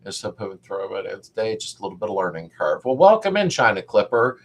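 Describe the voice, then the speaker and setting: A man's voice: on the low side, very animated, quick pace. A middle-aged man hosting a casual live stream, rambling as he reads viewers' comments aloud and greets them by name.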